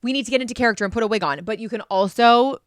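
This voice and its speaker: A woman's voice: a little high, very fast, no echo, studio quality. A woman co-hosting a comedy podcast over a video call, chatting casually and reassuring her co-host. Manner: supportive, reassuring. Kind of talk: casual chat.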